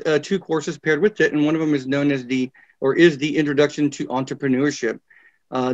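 A man presenting courses in a webinar, reading descriptions with frequent fillers and pauses. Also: on the high side, no echo. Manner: halting, many fillers, reads course descriptions. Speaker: university program presenter. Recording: dull, dry lo-fi webinar audio.

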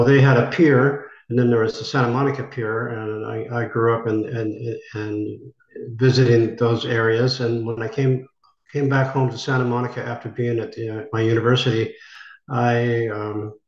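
In this interview, an older actor from the United States spins a meandering tale, performing the voices of those he quotes. He speaks at a moderate pace in a mid-range, darkish voice with a flat delivery, captured in a roomy, dull lo-fi recording.

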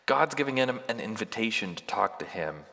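Man, pastor, sermon, bright tense tone, long church reverb, conversational, builds to emphatic peaks. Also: fairly low pitch, lively intonation, moderate pace, gravelly. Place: church sanctuary.

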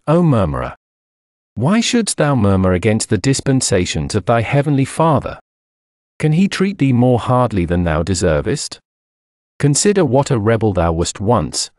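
Man reading a sermon with lively pitch. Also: dry recording, clean studio sound. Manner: solemn, measured preaching cadence. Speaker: sermon reader. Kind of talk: read-aloud sermon.

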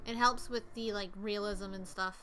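Excitable woman streamer, casual game commentary, bright tone. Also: medium pitch, normal speed, soft background music. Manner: chatty, excitable, talks to viewers.

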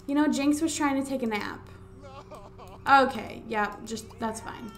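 A woman's voice: sits high, measured pace. A woman giving casual gameplay commentary at home, exasperated, talking to the game characters and drawing out her wows. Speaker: let's play host. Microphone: desk USB microphone.

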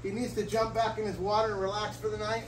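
Brief: high-pitched, excitable male zookeeper vlogging at feeding time, mic a bit far off. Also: fast talker, background noise. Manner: excitable, lots of whoas, coaxing animals. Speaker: reptile zoo keeper. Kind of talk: casual vlog narration while feeding animals. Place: reptile zoo after hours.

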